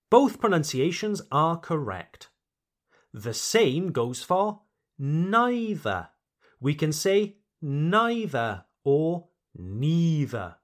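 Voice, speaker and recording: A man, a native English speaker, hosting a podcast pronunciation lesson, speaking carefully and repeating words for learners. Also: a little high. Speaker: English teacher and podcast host.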